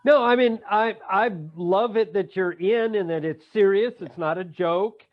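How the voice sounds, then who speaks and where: A man co-hosting a political talk show, asking questions in a halting way. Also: high-pitched. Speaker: co-host. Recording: dull lo-fi remote audio.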